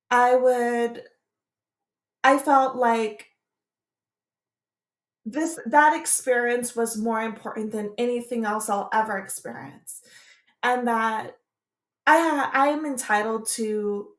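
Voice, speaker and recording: A woman's voice: a little high, reverberant. A woman vlogger telling a personal story in a casual, meandering way, hesitating and restarting often.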